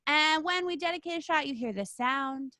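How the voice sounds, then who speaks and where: A woman's voice: high voice, moderate pace. A woman co-hosting a wrestling podcast, rambling casually and laughing often. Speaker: podcast co-host. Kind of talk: casual chat.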